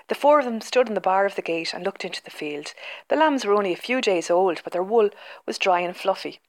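Speaking slightly fast in a mid-range voice, a woman gives an animated, expressive reading of a children's picture book.

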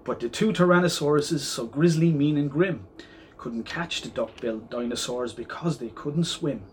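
A man's voice: on the high side, normal speed, slight background noise. A man reading a children's rhyming picture book aloud in a rhythmic storytelling manner.

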